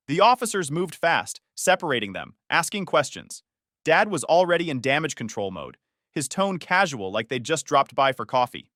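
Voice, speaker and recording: A male narrator tells a first-person story with tense, dramatic pacing. His pitch swings widely as he builds the scenes. The sound is dry and close, with no room around it. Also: very animated, moderate pace, sharp tone, dry recording.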